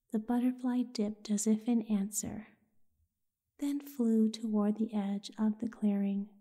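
A woman with a breathy, half-whispered voice, softly narrating a soothing bedtime story. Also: mid-range voice. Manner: soft, half-whispered delivery.

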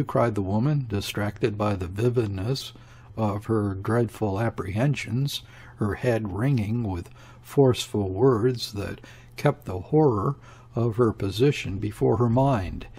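Guy narrating an old novel audiobook, steady reading, kinda husky voice. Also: on the low side, unhurried. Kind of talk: scripted narration of a classic novel.

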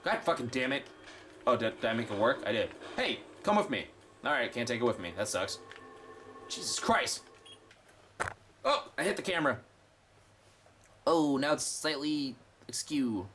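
A man casually commenting while playing a game, excitable and foul-mouthed, chatting to viewers. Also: medium pitch, normal speed, long pauses, slight background noise. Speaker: gameplay streamer. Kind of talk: let's play commentary.

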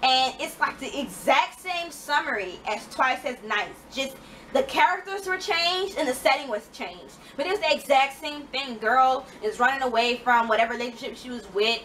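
A woman's voice: a little high, pushed and bright, distant mic, a little hiss or hum, poor audio. A woman ranting frankly about books in a casual reading wrap-up vlog, full of fillers and swearing. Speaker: book vlogger.

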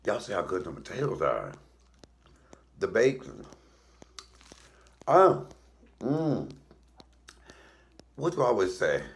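Middle-aged man, blunt comic storytelling, low voice, gravelly, very animated pitch. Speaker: comedian and cooking show host. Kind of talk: casual comic storytelling while cooking.

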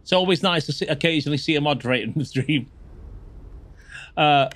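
With a voice on the high side and a fairly bright tone, a man talks a little fast while livestreaming a game. He keeps up a chatty commentary for viewers, breaking into swearing and yelps at jump scares.

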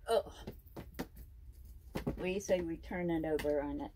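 A woman in her seventies at home, talking to her pet snake in a high, sing-song baby-talk voice and laughing often. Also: takes it slowly, mellow, a little hiss or hum. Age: 70s. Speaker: snake owner. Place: indoors at home.

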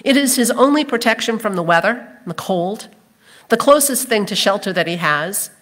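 A woman's voice: mid-range voice, expressive, normal speed, a bit bright. A woman pastor delivering a sermon, telling the story expressively and acting out the crowd's voices. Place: church sanctuary.

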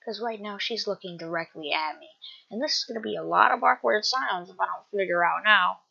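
A woman's voice: mid-range voice, fairly quick, vocal fry, pushed and bright, slightly rough, muffled recording, exaggerated voice. A woman voicing a cocky, boastful male spider king who gets flustered easily. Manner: brash, flustered, joking.

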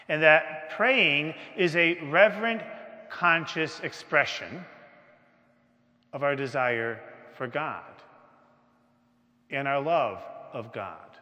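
A man preaching a sermon slowly and emphatically, with dramatic pauses. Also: on the high side, sharp tone. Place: church. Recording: long church reverb.

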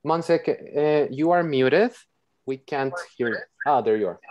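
A woman's voice: very deep voice, animated, dull audio. A woman teaching an online English class on a video call, patient and checking in with her students often. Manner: slow, patient, checks in with okay.

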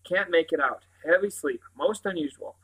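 A man's voice: a little high, moderate pace, fairly bright tone, husky, low-quality recording. A man doing a dignified, drowsy old great-uncle. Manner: clipped, formal muttering.

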